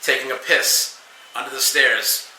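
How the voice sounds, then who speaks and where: A man telling a loud, profane bartending story on a podcast, acting out each quote. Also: medium pitch, measured pace, reverberant, a little hiss or hum, low-quality recording. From New England. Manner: animated, profane, acts out quotes. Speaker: podcast guest. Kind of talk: casual storytelling.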